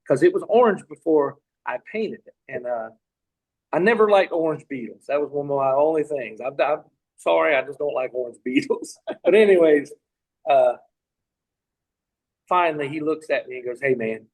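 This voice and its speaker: Man, middle-aged, from Tennessee, podcast guest, rambling storyteller, fairly high voice. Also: moderate pace, rough recording. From Tennessee, USA. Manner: rambling, with frequent restarts and asides. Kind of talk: casual anecdotal storytelling.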